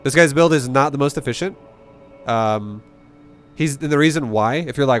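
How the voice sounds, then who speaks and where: Guy coaching someone thru a strategy game replay, swears a lot, keeps repeating himself to make the point, some quiet music in the back. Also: medium pitch, moderate pace. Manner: blunt, profane, emphatic, repeats points. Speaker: StarCraft coach. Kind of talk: casual coaching commentary over gameplay.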